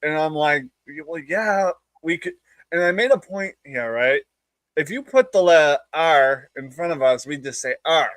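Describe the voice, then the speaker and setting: Hosting a casual stream, a man with a New England accent chats through rambling, jokey stories full of restarts. His voice is on the high side, animated and fairly bright, at a normal speed, in a dry recording.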